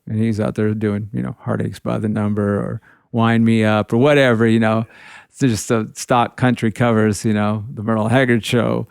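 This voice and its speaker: A middle-aged man with a gravelly, creaky voice recalls old tour days in a loose, rambling way. He keeps dropping "you know" between his thoughts. The sound is close and dry, with no room behind him. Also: fairly low pitch, darkish tone, no room sound. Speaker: guitarist telling tour stories. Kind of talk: casual storytelling.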